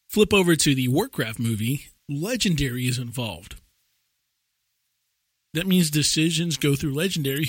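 A man's voice: a little high, no room sound, clean studio sound. A man co-hosting a podcast, rambling casually and laughing often as he tells stories. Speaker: podcast co-host.

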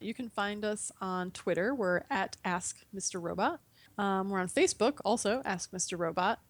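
A woman's voice: mid-range voice, normal speed, no echo. A young woman in casual chat as a podcast guest, laughing often and acting out her own reactions. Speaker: podcast guest from a gaming website.

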